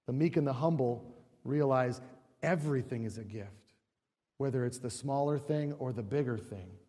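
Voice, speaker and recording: The middle-aged pastor here has a husky, dark, mid-range voice and speaks at normal speed. His conversational sermon in the church sanctuary is packed with rhetorical questions and acted-out quotes, and long church reverb fills the recording.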